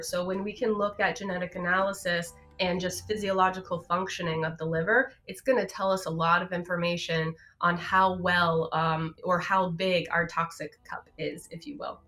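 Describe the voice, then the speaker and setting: A woman's voice: fairly low pitch, steady tone, moderate pace, hardly any pauses, a bit bright, faint music behind. A woman, a naturopathic doctor, talking casually on a live show, explaining health topics in a chatty way with many fillers.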